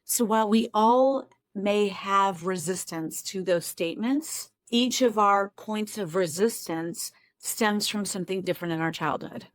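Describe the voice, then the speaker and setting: Speaking from her home office, a woman therapist walks the camera through a self-esteem technique in a relaxed, conversational way, dropping self-deprecating remarks. Her voice is mid-range and unhurried with few pauses, and the sound has no echo.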